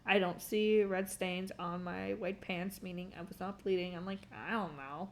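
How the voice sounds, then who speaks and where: A woman's voice: medium pitch, little pitch movement, moderate pace. A young adult woman telling a story in a casual, rambling way, laughing often and filling her talk with "like" and "um" while she streams.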